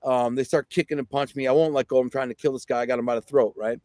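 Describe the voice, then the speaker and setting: A man's voice: medium pitch, very fast, dry recording. A middle-aged man from Detroit, a podcast guest, telling a vivid story in casual, conversational talk full of fillers. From Detroit, USA. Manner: vivid, excited storyteller who acts out quotes; conversational, with frequent fillers and "right?".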